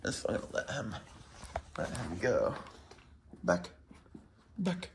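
A man at home calmly explaining how he introduces his dog to his cat, often checking in with "right?" as he coaches. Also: medium pitch, creaky. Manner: soft-spoken, frequently adds "right?" while coaching pets. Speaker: dog owner training his dog. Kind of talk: casual explanatory vlog. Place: home indoors with pets.

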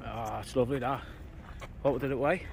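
A man's voice: medium pitch, fairly even intonation, normal speed, creaky, a little hiss or hum. A young man, chatting upbeat and matey to the camera while fishing on a riverbank at night. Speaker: fishing channel host. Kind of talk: casual outdoor vlog chat.

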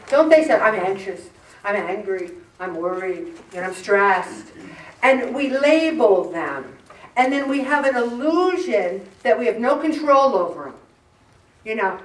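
A middle-aged woman giving an informal devotional talk, animated and acting out the voices she quotes. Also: on the high side. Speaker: Christian speaker on emotions. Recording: echoey room, mic far off.

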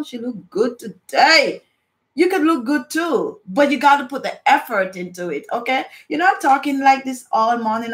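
A woman's voice: sits high, fairly bright tone. Chatty woman on a live chat. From Jamaica. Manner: chatty, repeats "no joke" and "okay?", reads viewer comments aloud. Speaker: beauty vlogger hosting a live chat. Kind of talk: casual live-stream chat.

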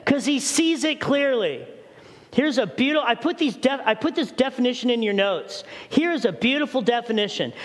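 Male pastor, high tenor, emphatic sermon delivery, echoing sanctuary. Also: a bit bright. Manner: preaching with acted prayers and rising emphasis. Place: church sanctuary.

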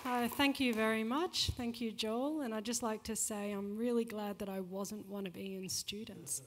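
A woman researcher opening a public science lecture in a measured, orderly way. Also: fairly high pitch, fairly even intonation, slight background noise. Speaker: shark researcher and speaker. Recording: long hall reverb.

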